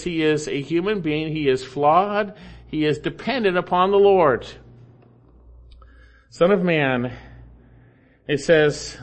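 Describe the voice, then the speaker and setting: Emphatic, fairly high-voiced male preacher. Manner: emphatic, repeats key phrases with rising force; explains Hebrew grammar in a teaching tone. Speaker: pastor. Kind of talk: expository sermon.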